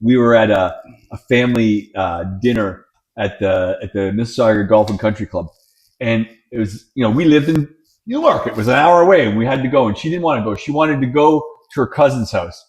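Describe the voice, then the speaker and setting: A middle-aged man and father of three on a casual podcast, telling stories with repeated words and acted-out shouts. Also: medium pitch, brisk. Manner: lively storyteller, repeats words, acts out shouting. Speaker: podcast co-host. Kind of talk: casual chat, storytelling.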